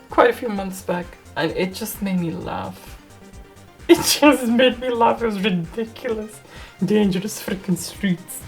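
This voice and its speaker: This woman's voice is fairly high but darkish in tone. She's a retro computing YouTuber leafing through an old magazine, casually reading passages aloud, giggling a lot and cursing in mock anger as she reacts.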